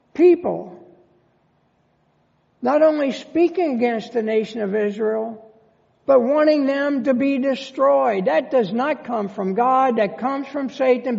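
Pastor, male, slow emphatic sermon delivery, high gravelly voice. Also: a little mellow. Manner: emphatic preaching with rhetorical questions. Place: church sanctuary. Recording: long church reverb, dull lo-fi sound.

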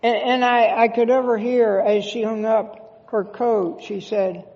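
A pastor preaching a sermon in a church sanctuary, speaking earnestly with halting restarts. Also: medium pitch, fairly even intonation, creaky, big-room sound, lo-fi sound.

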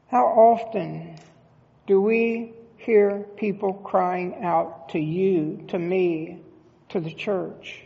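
A pastor delivers an earnest sermon at an unhurried pace, their voice carrying a gravelly edge. They stumble and restart phrases as they go. The dull recording carries the long reverb of a church sanctuary. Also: medium pitch, steady tone. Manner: earnest, halting, with frequent restarts.

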